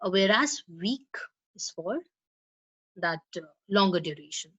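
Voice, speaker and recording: A woman's voice: medium pitch, animated, fairly bright tone, breathy edge, muffled recording. Indian english woman teaching pronunciation online, says uh a lot, repeats stuff, stresses syllables carefully. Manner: explains slowly with frequent fillers and repeated words; models pronunciation with deliberate stress. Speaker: law college English teacher. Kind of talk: recorded online lecture.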